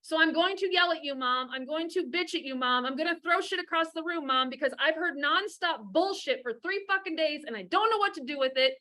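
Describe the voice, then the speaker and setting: Fiery, foul-mouthed high-voiced woman. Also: fairly quick, few pauses, bright, forceful tone. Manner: profane, fiery and emphatic. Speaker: divorce coach. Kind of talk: blunt advice monologue.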